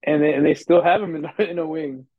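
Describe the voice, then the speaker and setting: A man co-hosts a soccer podcast, dropping short, jokey agreements. His voice sits a little high and sounds husky. It arrives over a thin, phone-like line. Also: fairly even intonation, brisk, no room sound. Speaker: podcast co-host. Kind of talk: casual soccer chat.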